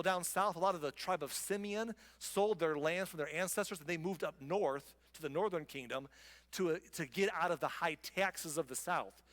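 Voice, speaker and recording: A male pastor preaching a sermon in a relaxed, conversational and wry way, with asides to his listeners. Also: a little high, in a large hall.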